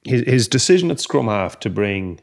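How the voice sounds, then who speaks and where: A man's voice: mid-range voice, big pitch swings, moderate pace, creaky. A man co-hosting a podcast in casual sports chat, rambling and swearing with lots of fillers. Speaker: podcast co-host.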